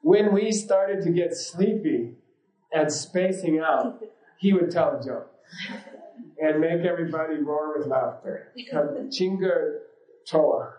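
Guy teaching a class, kinda high voice, rambly and laughing a lot, echoey room. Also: unhurried, dark tone. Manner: rambling and informal, many fillers, laughs easily. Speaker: yoga and meditation teacher. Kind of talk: casual teaching talk with anecdotes. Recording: roomy echo.

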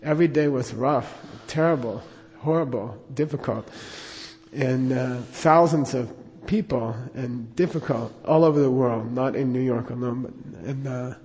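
A man's voice: medium pitch, moderate pace, darkish tone, in a large hall. A middle-aged man telling a personal anecdote in a rambling way, with lots of fillers and chuckles. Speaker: storyteller.

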